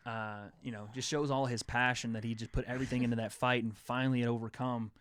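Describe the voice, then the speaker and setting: A man's voice: medium pitch, little pitch movement, quick pace, fairly bright tone, clean tone. Male host, young adult, mid-range voice, rambling eager fight chatter. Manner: rambling, enthusiastic fight talk. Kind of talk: casual sports chat.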